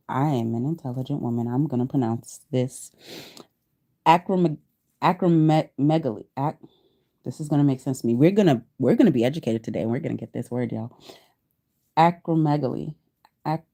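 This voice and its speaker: A woman in her thirties hosting a casual livestream chat, reading search results aloud to viewers, laughing often and sounding out hard words slowly. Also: deep voice, dark tone. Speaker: livestream host.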